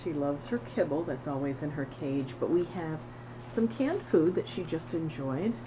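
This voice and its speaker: In a casual vlog, a middle-aged shelter volunteer talks to the camera and coos at a cat in a high, sing-song voice, laughing frequently. She speaks at a moderate pace over some background noise.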